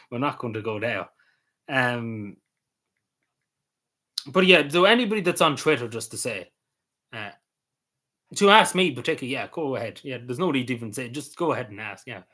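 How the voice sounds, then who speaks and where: A man with a Cavan Irish accent talks casually on a live stream, reacting to viewers' comments. He speaks haltingly, restarting phrases and letting them fade off softly. His voice sits at an ordinary middle pitch for a man. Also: expressive. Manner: halting and hesitant, trailing off quietly at ends of phrases. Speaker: livestreamer.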